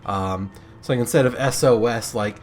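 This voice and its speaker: A man's voice: medium pitch, moderate pace, slight background noise. A young man casually commentating a game replay, rambling and joking with goofy asides. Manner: rambling, jokey, goofy mock French asides. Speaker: gameplay commentator.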